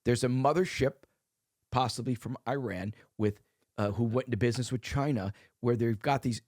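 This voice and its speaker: A man from Wisconsin co-hosting a podcast, talking in a rambling, excitable way and restarting sentences. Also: mid-range voice, moderate pace, no room sound, clean studio sound. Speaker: co-host. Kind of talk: casual podcast chat.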